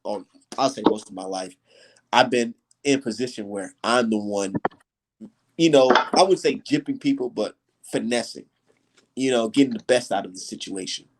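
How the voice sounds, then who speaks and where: A young man rants on his livestream in a loose, heated way. He swears freely and hammers his points with repetition. His voice sits at an ordinary pitch for a man. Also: a little hiss or hum. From United States. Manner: heated, profane, repetitive emphasis. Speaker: streamer host. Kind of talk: casual livestream rant.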